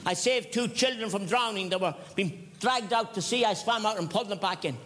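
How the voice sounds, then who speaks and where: An Irish man voicing a boastful talking male police dog who reels off his honours in a matter-of-fact way, somewhat deeper than his own voice. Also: brisk, fairly bright tone.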